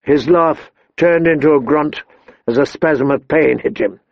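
A man reading a fantasy audiobook in slow, measured, somber narration, in a dull lo-fi dry recording. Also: on the high side, vocal fry, no echo. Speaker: audiobook reader.

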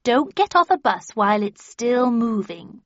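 A woman's voice: a little high, very animated, unhurried, dry recording, lo-fi sound. A woman voicing a sly, knowing male cat who speaks grandly and playfully.

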